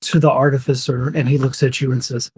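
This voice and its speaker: A man's voice: mid-range voice, level tone, brisk, darkish tone, slightly rough. A young man running a tabletop game as game master, narrating casually with fillers.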